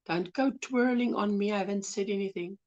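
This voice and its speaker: A soft-spoken woman with a South African accent, hosting a casual crochet livestream, greeting viewers affectionately and reading their comments. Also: mid-range voice, fairly quick, lo-fi sound. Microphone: phone.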